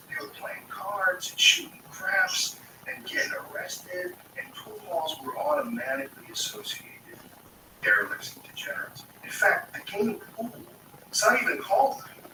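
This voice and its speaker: A man's voice: extremely high pitch, vocal fry, pushed and bright, roomy sound, far from the mic, slight background noise, poor audio. A man telling rambling stories in casual, profane talk, with many fillers. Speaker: storyteller. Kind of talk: casual anecdotal storytelling.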